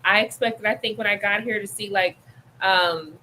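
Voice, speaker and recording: A woman's voice: mid-range voice, moderate pace, slight background noise, poor audio. A middle-aged woman co-hosting a casual talk show, telling stories and acting out what people said. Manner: animated storyteller, acts out quoted voices. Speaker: podcast co-host. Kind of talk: casual discussion.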